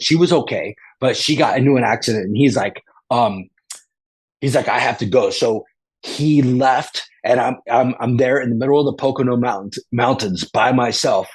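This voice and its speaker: A man's voice: medium pitch, husky. A man as a guest, telling a rambling story with lots of restarts and casual slang like "dude" and "bro".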